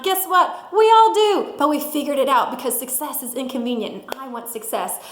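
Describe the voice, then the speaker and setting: High, lively motivational woman speaker. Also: moderate pace, hardly any pauses. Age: middle-aged. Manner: energetic, laughs often, acts out quotes. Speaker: sales director giving a mindset talk. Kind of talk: motivational talk. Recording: roomy echo.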